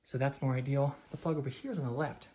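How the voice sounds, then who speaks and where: Young man, casual home vlogger, rambling and chatty, mid-pitched everyday voice. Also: fast, mellow, echoey room. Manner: rambling, chatty, filler-heavy. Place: home, rooms and stairs.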